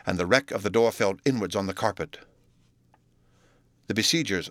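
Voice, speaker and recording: A man with a low voice narrates a classic novel as an audiobook. His reading is measured and steady. The recording is dry and close, with no room sound. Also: no room sound. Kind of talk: scripted narration.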